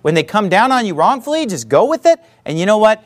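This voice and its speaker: A man's voice: high voice, big pitch swings, fast talker. A male pastor preaching a sermon in a conversational, storytelling manner, full of frequent asides.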